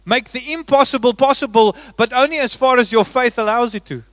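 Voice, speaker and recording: A man preaching a sermon as a pastor. He swings between loud, emphatic bursts and hushed, drawn-out words. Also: extremely high pitch, no room sound.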